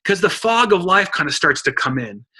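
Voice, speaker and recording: Energetic man coaching a sales team. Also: sits high, normal speed, slightly rough. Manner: energetic, exhorting, addresses listeners as guys. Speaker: motivational speaker on a team call. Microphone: phone or computer mic on a conference call.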